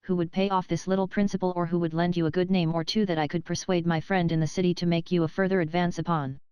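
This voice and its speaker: Female reader as a fawning, wheezy old money-grubber, crafty and frail, crisp dry storybook read. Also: on the low side, little pitch movement, quick pace, a little mellow, no echo, lo-fi sound, close to an everyday voice. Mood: wheedling. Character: wheedling, grasping frail old moneylender man.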